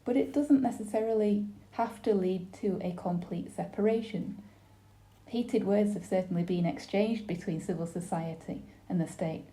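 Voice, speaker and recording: A woman giving a simultaneous interpretation of a webinar panel, speaking in a measured, formal way with brief pauses and restarts. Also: mid-range voice, dark tone.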